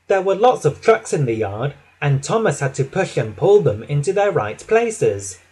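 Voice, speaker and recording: A man narrating a children's storybook, reading slowly and expressively. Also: fairly high pitch, sing-song, a little mellow, husky, poor audio.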